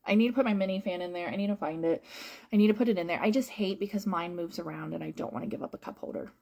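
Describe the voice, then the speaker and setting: A woman's voice: fairly low pitch, rapid-fire, creaky. Chatty, rambling woman consultant. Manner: chatty and animated, rambling with many fillers and repeats. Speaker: independent home-fragrance consultant. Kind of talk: casual live-stream chat to viewers.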